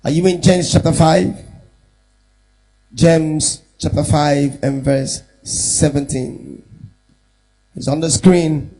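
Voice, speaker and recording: A man from Nigeria preaches to his congregation. His voice sits high and sounds rough and husky. He talks slowly, then swells into shouted, sing-song exhortation. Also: steady tone, rough recording. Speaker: pastor. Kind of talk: sermon with congregational Bible reading.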